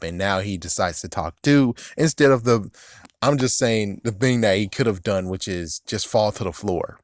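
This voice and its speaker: A man with a lowish voice talks through an episode recap in a loose, rambling way, throwing in profane asides and short laughs. The sound is dry and close, with no room around him. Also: no echo. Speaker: episode reviewer. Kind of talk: casual recap and commentary.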